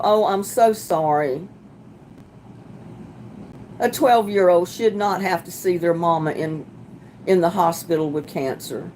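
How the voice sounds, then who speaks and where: A woman hosting a casual livestream, chatting with viewers as she reads their comments, sympathetic and quick to laugh. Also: fairly low pitch, a little mellow, slight background noise. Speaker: livestream host.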